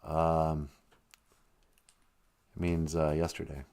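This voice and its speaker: A man hosting a morning radio show, explaining words in an easygoing, teasing way, often trailing off into low, soft asides. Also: level tone, slow, clear, resonant tone. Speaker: radio host teaching Ojibwe words. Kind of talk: joking morning radio chat.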